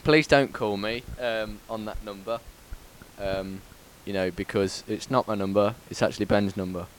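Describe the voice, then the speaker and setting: Joking, laughing, and dropping plenty of ums, a man hosts a casual podcast of light banter. His voice is on the low side with fairly even intonation, at a normal speed.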